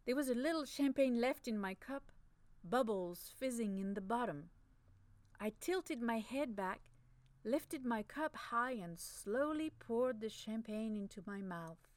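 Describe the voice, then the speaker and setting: A woman narrates a first-person audiobook in a soft, measured, intimate way. Her voice sits a little high and is recorded close and dry, with no room echo. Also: animated.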